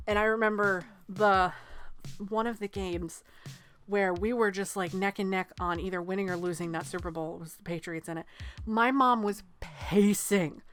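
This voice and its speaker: A woman in her thirties from New England co-hosts a casual movie podcast, telling stories and acting out quotes with lots of energy. She swears freely and speaks at a medium pitch and moderate pace.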